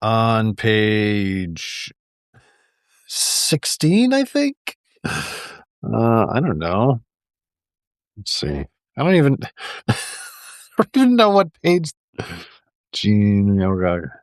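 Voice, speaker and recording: Extremely slow, with long pauses and wildly swooping pitch, this man's lowish, clean-toned voice reads a picture book on his livestream. He's chatty and rambling, full of fillers, storytelling casually. The sound is studio clean with no echo.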